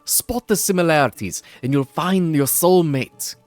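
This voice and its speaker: A man's voice: on the high side, measured pace, soft background music, voice pushed up, close to an everyday voice. A man voicing a cheeky male fairy sidekick with a put-on regional accent, chirpy and full of slang.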